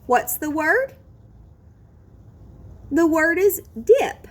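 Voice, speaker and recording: Slow, lively-voiced phonics teacher woman. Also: a little high. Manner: slow, clear, encouraging modelling of word sounds. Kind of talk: phonics lesson for children.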